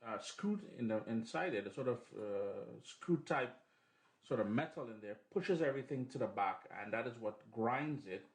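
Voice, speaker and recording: A man's voice: medium pitch, normal speed. Man giving a chatty cooking demo. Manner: chatty, relaxed, explains step by step. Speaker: cooking show host. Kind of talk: casual cooking demonstration. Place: home kitchen, then living room. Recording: echoey room, faint background noise.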